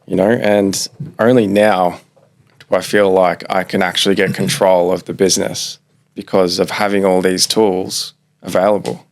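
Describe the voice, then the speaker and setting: An Australian man in his thirties, a builder talking in a relaxed, easygoing way as a podcast guest. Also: low voice, normal speed. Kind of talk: casual interview chat.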